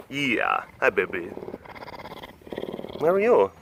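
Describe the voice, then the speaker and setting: A man's voice: mid-range voice, expressive, a little slow, background noise. A man hosting a casual outdoor webcast at a big cat compound, chatting and cooing affectionate baby talk at the cats. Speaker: animal sanctuary webcast host. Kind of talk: casual walking vlog.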